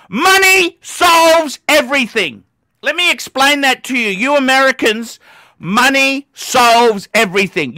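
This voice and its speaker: A man hosting a live stream, ranting and swearing at callers, bursting into shouts. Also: very high-pitched, no echo, studio quality. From Australia. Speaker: livestream host.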